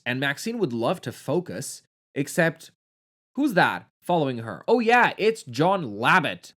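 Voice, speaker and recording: A man's voice: medium pitch, fairly bright tone. A man giving a casual, sarcastic movie review, campy and swearing freely as he retells the plot.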